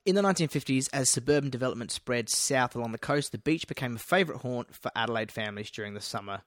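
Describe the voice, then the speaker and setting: Male podcast co-host, mid-pitched, dry close mic, reads facts then riffs with crude jokes. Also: expressive, fast talker, a bit bright, no echo. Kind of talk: casual chat, reading history aloud.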